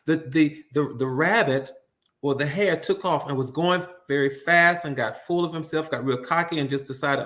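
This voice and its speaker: A man's voice: on the high side, moderate pace, fairly bright tone. A man giving a live-streamed motivational talk, often repeating words as he restarts and calling his audience "you all.".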